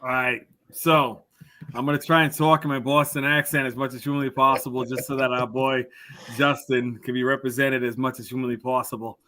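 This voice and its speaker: A man on a podcast panel, excitable and joking as he recaps. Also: medium pitch, a little fast. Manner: excitable, jokey. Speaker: podcast co-host. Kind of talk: casual recap chat.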